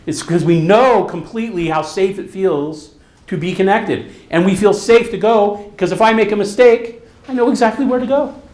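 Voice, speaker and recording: A man's voice: high voice, normal speed. Storytelling man in an echoey hall. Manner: storytelling, animated, acts out quotes. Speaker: therapist. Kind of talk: conference talk. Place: conference hall.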